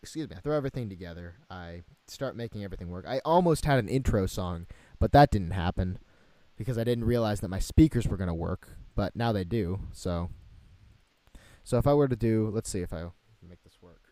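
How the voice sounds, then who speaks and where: Young male host, low voice, dry close mic, rambling jokey chat. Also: expressive, a little fast, warm tone, no room sound. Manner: rambling, joking, lots of fillers and restarts. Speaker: show host. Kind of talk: casual talk-show chat. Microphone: new home microphone.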